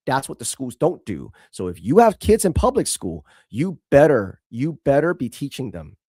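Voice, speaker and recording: A man's voice: medium pitch, a little mellow, no room sound, clean studio sound. A man hosting an opinionated commentary show, talking bluntly and emphatically and swearing freely. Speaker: show host.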